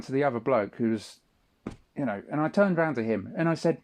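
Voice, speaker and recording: A man's voice: mid-range voice, expressive, brisk. Indignant man ranting. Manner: indignant ranting, frequent tag questions and swearing. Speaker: vlogger. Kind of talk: solo audio-log monologue.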